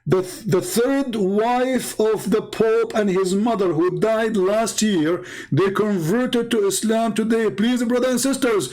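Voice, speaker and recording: A man mimicking a gullible male chat room admin who gets overjoyed and chants praise in a high, excited voice. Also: slow pace, few pauses, rough recording. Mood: ecstatic.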